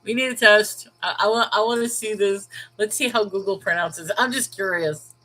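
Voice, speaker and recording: A woman's voice: mid-range voice, moderate pace, fairly bright tone, a little hiss or hum, low-quality recording. A woman hosting her channel in casual chat, rambling and breaking off mid-sentence with frequent laughs. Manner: rambling, self-interrupting, often laughing. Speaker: channel host.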